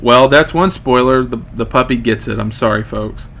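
A man's voice: mid-range voice, normal speed, vocal fry, a bit bright. A man in his late thirties hosting a casual podcast chat, joking and rambling with frequent ums. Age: 30s. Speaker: podcast host.

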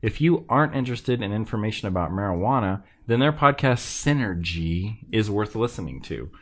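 A man co-hosting a casual podcast, relaxed and chuckling as he chats and reads listener reviews aloud. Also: lowish voice, a little fast. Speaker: podcast co-host.

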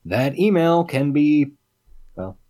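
A man's voice: a little high, lively intonation, takes it slowly, mellow. A man co-hosting a podcast in casual chat, talking in a rambling, hesitant way with many fillers. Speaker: podcast co-host.

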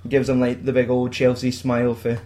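A man's voice: medium pitch, monotone, a little fast, mellow, a little hiss or hum. A Scottish man casually retelling a film plot, swearing a lot and acting out the characters' lines.

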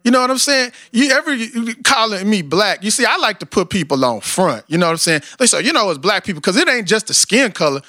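A man's voice: high-pitched, expressive, fast, few pauses, sharp tone, dry recording, studio quality. A man with a Southern American twang, talking in a casual, passionate, rambling way and often asking "you know what I'm saying". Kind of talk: casual conversation.

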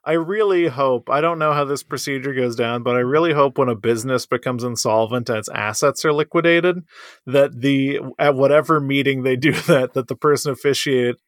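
A man's voice: medium pitch, a little fast, no room sound, studio quality. A man co-hosting a casual comedy podcast, teasing his co-host dryly and laughing through his lines.

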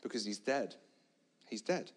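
A man preaching a sermon, retelling a story dramatically, moving between hushed, quiet lines and loud shouts. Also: lowish voice, expressive, unhurried.

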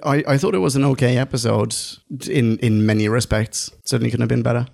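A man's voice: mid-range voice, fast talker, vocal fry, a little mellow. A man co-hosting a podcast in casual, jokey chat, laughing often. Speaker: podcast co-host.

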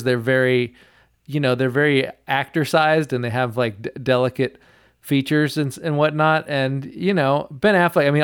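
A man's voice: medium pitch, clean tone, no room sound, clean studio sound. A man co-hosting a comedy podcast, making wry asides in casual banter. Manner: laughs often, wry asides.

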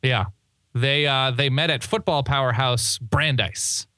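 Man, young adult, podcast co-host, casual joking chat, mid pitch, dry close mic. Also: a little slow, bright, forceful tone, no echo. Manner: joking, rambling, self-correcting.

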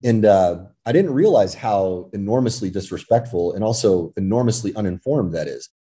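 A deep-voiced American man speaks as a podcast guest, with a mellow, warm tone. He talks in a loose, casual way, full of "you know" and "right", and tells personal stories with lively energy. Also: moderate pace. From California, United States. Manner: animated storyteller, frequent fillers. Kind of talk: casual conversation.

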